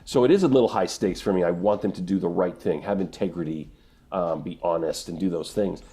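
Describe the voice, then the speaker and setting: A middle-aged man, a voice actor, answering interview questions in an earnest, emotional way, often pausing and restarting. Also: low voice, dark tone. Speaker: voice actor guest.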